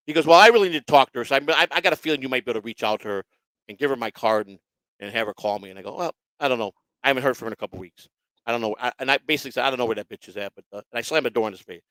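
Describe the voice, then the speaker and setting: Hosting a casual online show, a man with a mid-range voice spins a lengthy, foul-mouthed tale, lively and voicing each character he quotes. The sound is dry and rough.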